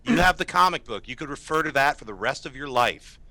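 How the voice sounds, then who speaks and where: A movie show co-host whose voice is going, speaking at medium pitch with a sharp, expressive tone and a slightly quick pace on a dry recording. In a casual panel chat he delivers emphatic, opinionated takes and mocks fan complaints.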